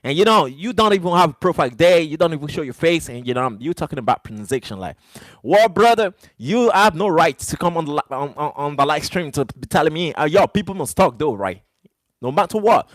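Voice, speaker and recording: Lively, defiant male streamer. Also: on the high side, no echo. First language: not English. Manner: defiant, repeats "brother" and "you know". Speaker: livestreamer. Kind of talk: live stream rant to chat.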